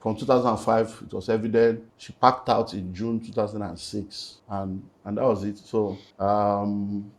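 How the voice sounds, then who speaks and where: A middle-aged man with a Nigerian accent, a pastor giving an earnest personal testimony in conversation, slipping into Pidgin and moving between hushed and emphatic speech. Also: lowish voice, flat delivery, moderate pace, few pauses. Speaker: pastor, guest.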